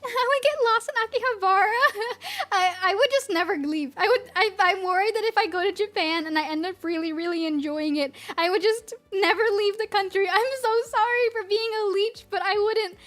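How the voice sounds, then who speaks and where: A woman with a very high voice and a light New England accent, chatting with her livestream audience. She rambles and giggles a lot, and soft music plays faintly behind her. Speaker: streamer. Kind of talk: casual livestream chat, reading chat.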